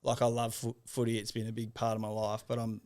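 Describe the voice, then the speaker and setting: A young Australian man with an Australian accent, a guest telling stories in a relaxed way and laughing often. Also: mid-range voice, fast, slight background noise. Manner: relaxed, laughs often, laid-back storytelling. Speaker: podcast guest, former footballer. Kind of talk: casual interview chat.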